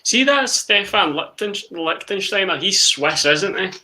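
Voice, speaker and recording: Bright, jokey Scottish man. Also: high voice, expressive, unhurried. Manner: jokey, asks questions, teasing. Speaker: co-host of a live football watch-along. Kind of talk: casual live match chat.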